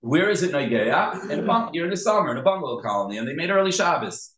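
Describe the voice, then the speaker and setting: A man's voice: on the high side, very animated, fast, fairly bright tone, echoey room, slight background noise, poor audio. A man teaching a halacha class in Yeshivish English, explaining step by step and repeating key points. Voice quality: Yeshivish English with Hebrew and Yiddish terms. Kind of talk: Torah class lecture.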